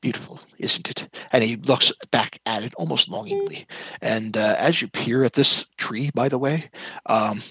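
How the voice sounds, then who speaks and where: A man running a tabletop game as game master, describing scenes in a halting way with fillers. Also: medium pitch, sing-song, rough recording.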